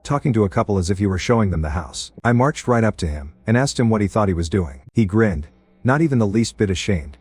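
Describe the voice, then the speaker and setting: A man narrating a first-person story in a steady, scripted reading style. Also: fairly low pitch, quick pace, husky, dry recording.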